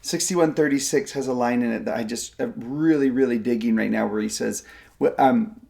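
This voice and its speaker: A man in his forties co-hosting a scripture podcast, talking casually and getting animated as he paraphrases verses. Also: normal speed, creaky. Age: 40s. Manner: animated, jumps up in pitch when voicing God's kindness. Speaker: co-host of a scripture study podcast.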